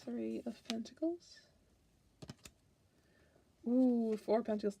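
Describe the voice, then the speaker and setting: A woman's voice: a little high, unhurried, pauses often, mellow, husky. A woman tarot reader chatting casually through a card deck, playful and giggly.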